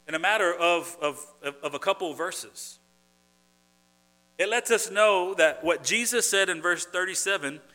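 A man's voice: high-pitched, sharp tone. A man preaching a sermon, earnest and conversational, who often restarts phrases and builds to emphatic points. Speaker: pastor.

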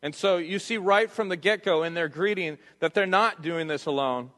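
A man with a notably high voice preaches to his congregation, earnest and emphatic, hammering his points through repetition. His words ring out with a long reverberant tail in a church hall. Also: normal speed, a bit bright. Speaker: pastor. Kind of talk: sermon. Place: church sanctuary.

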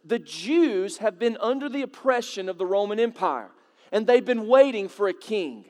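A man with a high voice preaches a sermon to his congregation. He talks in a loose, conversational way, asks questions, and rises to dramatic peaks. His voice carries a long echo from the hall around him. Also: animated, moderate pace, a little mellow. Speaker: pastor.

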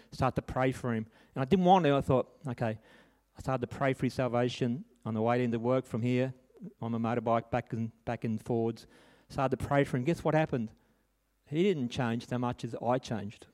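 A man's voice: mid-range voice, darkish tone. A middle-aged man preaching a sermon, telling a personal story in an earnest, conversational way with frequent restarts and tag questions.

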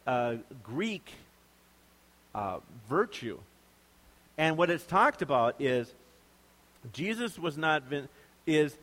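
A man's voice: fairly high pitch, fairly bright tone, in a large hall, low-quality recording. A man preaching a sermon in a conversational, joking way. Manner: conversational, joking, puts on voices to make points.

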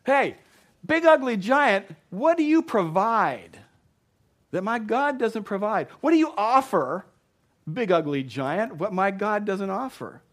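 A preacher putting on a brash young shepherd, the man's voice jumps higher and louder as he mocks a giant. The taunts come in bold, repeated jeers, all in one sermon-story retelling. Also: sing-song, slow, full character voice. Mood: taunting.

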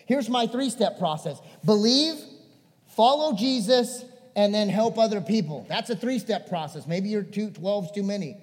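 Male pastor, high voice, animated preaching, reverberant hall. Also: moderate pace. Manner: animated, swinging between emphatic and hushed. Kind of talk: sermon.

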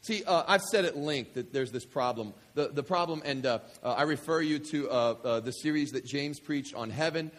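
A man from West Kentucky preaching a sermon, joking with the congregation and swinging from quiet scripture reading to loud excitement. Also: on the high side, moderate pace, few pauses. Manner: animated, jokey, swings between quiet reading and loud enthusiasm. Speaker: pastor.

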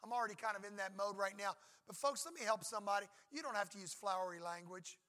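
A man in middle age preaching from the pulpit, his voice high and pitched well above most men's. The tone is very bright and ringing. He talks to his congregation in an easy, conversational way, then pushes hard on key points and slips briefly into voices for prayers and for God answering. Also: quick pace. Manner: conversational, emphatic, acts out prayers and God's replies. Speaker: pastor. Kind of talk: sermon.

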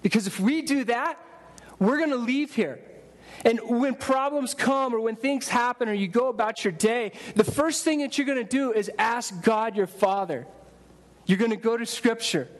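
Pastor, male, higher voice, chatty sermon delivery with restarts. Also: normal speed. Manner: conversational preaching with repeated restarts and acted-out quotes. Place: church sanctuary.

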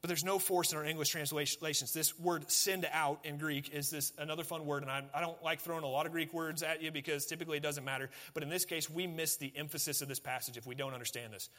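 Bright-voiced male preacher, conversational and emphatic. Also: a little high, fairly even intonation, fast, few pauses. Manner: conversational, building to emphatic pleading. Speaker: pastor. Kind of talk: sermon.

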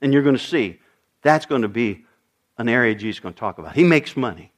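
An older pastor preaches to his congregation in a fast, expressive, mid-range voice. He is emphatic, repeats phrases, and frequently asks his listeners questions.

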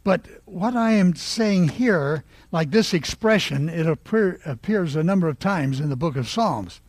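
A man preaching a sermon, leading the congregation in call-and-response and rising to loud exclaiming. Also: a little high, lively intonation, unhurried, dry recording.

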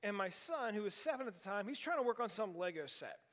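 A man of about forty preaching in a church sanctuary, with a notably high voice. He tells stories in a candid way and slips in self-deprecating jokes. His words ring out with a long hall reverb. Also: animated, fast, a bit bright. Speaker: pastor. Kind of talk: sermon.

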